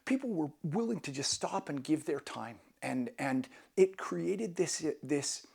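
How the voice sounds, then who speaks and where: A man's voice: a little high, expressive, a little slow, creaky, darkish tone, breathy edge. A man vlogging casual travel tips to camera, enthusiastic and rambling, with many restarts.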